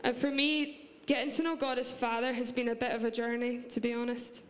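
A young woman with a Scottish accent speaks earnestly from a church stage, her voice sitting a little high. The sound rings with the long reverb of a large hall. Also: little pitch movement, brisk, a little hiss or hum. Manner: earnest and heartfelt, with light laughs. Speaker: preacher. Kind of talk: church sermon.

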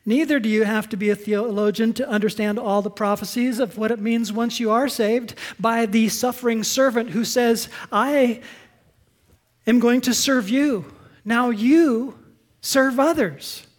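A woman pastor delivering a sermon in an earnest, emphatic way, dropping to a soft, quiet voice for stories. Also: fairly high pitch, unhurried.

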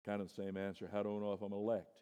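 A male pastor preaching a sermon, swinging from soft, low passages to loud, high-pitched emphasis and calling listeners "my friend.". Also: completely flat delivery, very fast, clean tone. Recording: long hall reverb.

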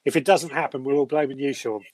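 A man's voice: medium pitch, fairly even intonation, fast talker, darkish tone, no echo. Easygoing middle-aged British man. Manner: easygoing, hesitant, agreeable. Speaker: co-host and guest. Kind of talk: casual chat. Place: home room with grow lights. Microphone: webcam or phone mic.

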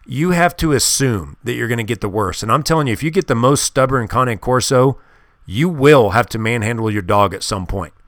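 On his podcast, a male host gives dog-training advice in a casual monologue, pressing his points emphatically and insistently. His medium-pitched voice is expressive, brisk and fairly bright, captured in a dry, studio-quality recording.

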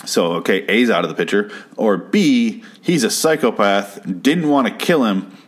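Guy with a lowish voice ranting about a tv episode, swears a lot, exasperated, rambly. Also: lively intonation, moderate pace, slightly rough. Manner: profane, exasperated, rambling with restarts. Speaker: show recap host. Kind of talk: casual ranting commentary.

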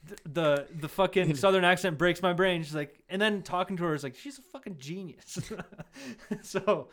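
A male podcast co-host telling rambling stories in casual chat. His voice sits a little high, he swears freely and laughs often. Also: normal speed, a bit bright.

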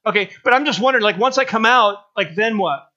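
A dim, dithering young man, put on by a preacher mid-sermon, stammers through filler words in a high, bright voice. The recording sounds a little dull and muffled. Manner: halting, rambling, filler-heavy.

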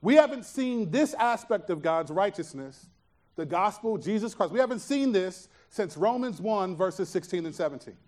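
A man with a high-pitched voice delivers a sermon as pastor. He teaches earnestly and emphatically, posing rhetorical questions to the congregation. At reflective moments he lowers his voice to a near hush. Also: animated, normal speed.

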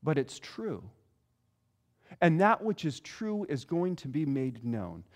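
Middle-aged male pastor, high-pitched voice, lively storytelling sermon delivery. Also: takes it slowly. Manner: animated storytelling, acts out quoted voices.

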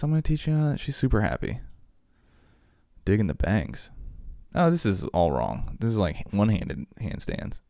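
A man's voice: lowish voice, creaky, darkish tone, dry recording, studio quality. A man talking casually, rambling through stories with lots of fillers and asides.

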